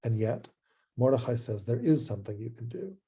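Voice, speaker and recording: A man, a rabbi, giving an adult education lecture over a video call and telling a story in a chatty, animated way with frequent restarts. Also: medium pitch, brisk, breathy edge.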